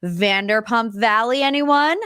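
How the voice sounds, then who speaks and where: A woman's voice: fairly high pitch, measured pace, a bit bright, clear, resonant tone, no echo, clean studio sound. A young woman hosting a pop culture podcast in a chatty, rambling style with lots of tangents. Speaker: podcast host. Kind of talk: casual pop culture chat.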